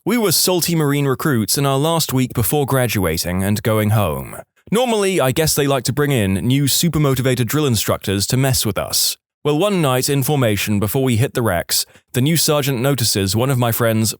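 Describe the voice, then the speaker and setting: A man reads online stories aloud for a podcast, with an expressive, storytelling delivery. His pitch rises and falls widely, and the sound is close and dry, with no room echo. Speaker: podcast narrator. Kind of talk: storytelling reading of online posts.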